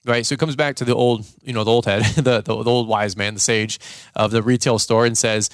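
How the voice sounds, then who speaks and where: A man's voice: mid-range voice, fairly even intonation, fairly quick, smooth, no room sound, studio quality. A man hosting a podcast, telling a story in a casual, rambling way with lots of fillers and restarts. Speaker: podcast host.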